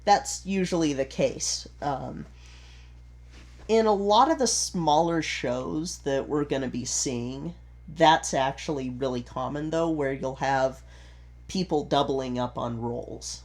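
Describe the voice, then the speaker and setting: A man talking through theatre trivia in a relaxed, explanatory podcast chat. He rambles a little, backs up to restart his sentences, and fills pauses with ums. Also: mid-range voice. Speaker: podcast co-host, theatre performer. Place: home recording setup in Utah.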